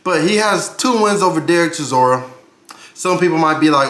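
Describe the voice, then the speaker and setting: A man's voice: a little high, expressive, brisk, fairly bright tone, reverberant. A man giving casual boxing commentary for his channel, brash and profane, ranting with big swings in his voice.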